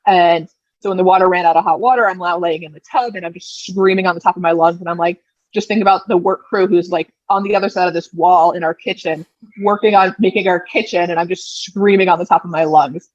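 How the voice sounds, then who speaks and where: A woman's voice: fairly low pitch, fast, no room sound. Woman telling a story, dull dry audio. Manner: lively retelling, acting out quoted lines. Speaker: podcast guest. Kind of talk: casual storytelling.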